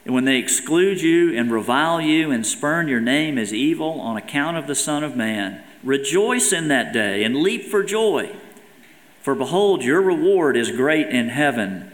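A man giving a sermon as pastor, preaching earnestly and reading scripture aloud with emphasis. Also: fairly high pitch. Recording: echoey hall with long reverb.

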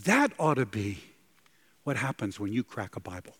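A man's voice: mid-range voice, wildly swooping pitch, normal speed, husky. A male pastor preaching a sermon, dramatic, breaking into gasps and soaring on emphatic lines.

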